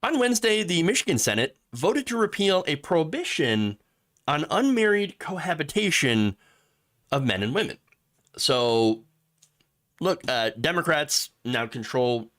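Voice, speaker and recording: A man hosting a live political commentary show, sarcastic and animated, laughing at his own jokes. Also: a little high, moderate pace. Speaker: host.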